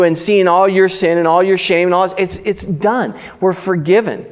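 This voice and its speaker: A man's voice: high-pitched, fairly even intonation, normal speed, hardly any pauses. A male pastor preaching a sermon, reading scripture aloud and breaking in with loose, conversational asides. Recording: reverberant hall.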